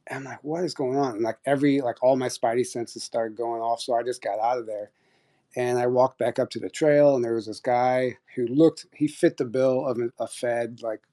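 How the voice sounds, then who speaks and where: A man with a warm, dark-toned voice at an ordinary middle pitch tells a long personal story. His talk is loose and rambling, packed with fillers and false starts, in a casual live-chat manner. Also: fairly even intonation, moderate pace. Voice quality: rambling, many fillers and restarts. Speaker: podcast host sharing experiences.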